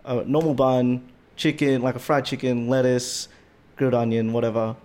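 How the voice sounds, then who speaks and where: An Australian man telling a story on a casual podcast, animated and swearing freely, his voice jumping up when he gets indignant. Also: medium pitch, moderate pace. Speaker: podcast co-host.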